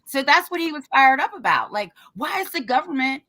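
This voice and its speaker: A woman co-hosting a podcast, telling a story in a defiant, animated way and swearing freely. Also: high voice, a little fast. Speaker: podcast co-host.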